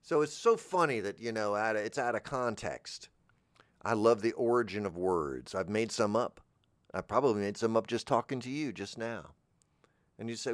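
A man's voice: fairly low pitch, lively intonation, normal speed, a bit bright, no echo. A man in a rambling comedic monologue, drifting through absurd, meandering trains of thought. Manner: talks over background music. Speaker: comedic character host.

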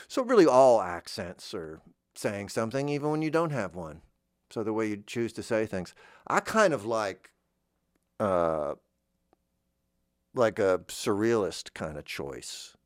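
Brief: low-voiced man, rambling casual monologue, dry close sound. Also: animated, moderate pace, no room sound. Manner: rambling, digressive, musing.

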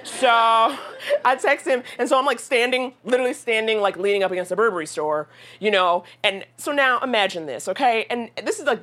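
A woman telling a comic story in a radio studio, laughing often and swearing freely. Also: on the high side. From United States. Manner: profane, laughing, animated. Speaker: guest storyteller.

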